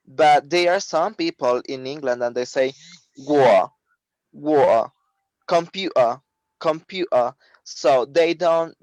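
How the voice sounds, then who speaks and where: A man's voice: medium pitch, dry recording, rough recording. Native Spanish-speaking man, dry close sound. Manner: halting, many fillers and restarts. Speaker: webinar participant. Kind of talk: casual online discussion. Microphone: video call.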